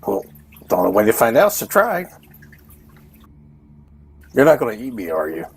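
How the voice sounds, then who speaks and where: A man's voice: mid-range voice, wildly swooping pitch, normal speed, vocal fry, husky. A man playing a tabletop game, speaking in character in a playful, chatty way. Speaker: player.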